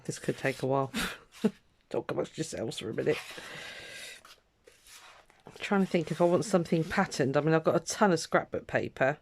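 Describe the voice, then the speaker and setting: A woman's voice: low voice, darkish tone, a little hiss or hum. Chatty woman rambling while crafting. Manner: rambling, chatty, self-interrupting with ums. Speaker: craft vlogger. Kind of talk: casual crafting chat.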